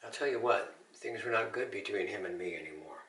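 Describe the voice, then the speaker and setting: A man's voice: on the low side, brisk, a bit bright, roomy sound, recorded from a distance, rough recording. An older man, an Army veteran, giving an earnest personal testimony with Christian encouragement. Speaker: Army veteran telling his story.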